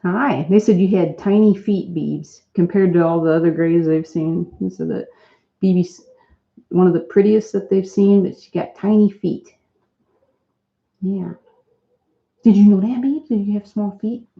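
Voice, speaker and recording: A woman at home streams live with her pet parrot. She coaxes it over and over in a lilting, baby-talk voice and drops into relaxed, chatty asides for her viewers. The sound is echoey and a little dull, like a home room caught on a basic stream mic. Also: medium pitch, a little slow, vocal fry.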